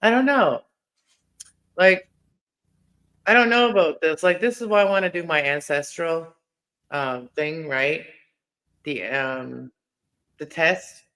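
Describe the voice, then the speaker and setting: Casual YouTuber man from a Mennonite community in Mexico; rambling, filler-heavy, tense bright tone. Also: on the high side, takes it slowly, long pauses. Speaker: YouTuber, co-host of live chat. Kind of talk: casual chat.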